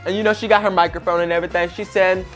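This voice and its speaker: A man's voice: sits high, little pitch movement, rapid-fire, a bit bright, faint music behind. A young man hosting a talk show, telling rambling gossip stories with lots of fillers. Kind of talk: casual gossip storytelling.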